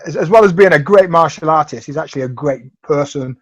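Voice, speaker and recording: A man co-hosting a martial arts podcast, backing up his guest in casual chat. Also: fairly high pitch. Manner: supportive, quick to chime in. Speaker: podcast co-host. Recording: dull, dry lo-fi audio.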